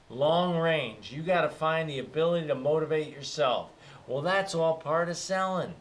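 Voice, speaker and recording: A man's voice: a little high, a bit bright. A middle-aged man giving a casual motivational talk, telling stories with lots of fillers. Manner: conversational, storytelling, many fillers. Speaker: motivational speaker.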